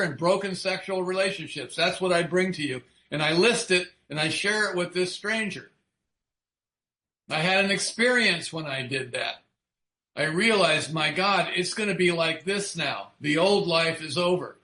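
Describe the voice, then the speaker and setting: Guy giving a recovery talk, kinda high bright voice, blunt and swears a lot. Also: echoey room. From United States. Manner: earnest and frank, swearing freely, asking the listener rhetorical questions. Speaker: recovery speaker.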